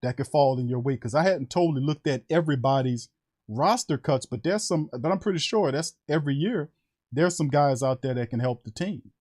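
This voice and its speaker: A man hosting a casual sports talk show, animated and conversational, speaking to fans as family. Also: mid-range voice, fairly quick.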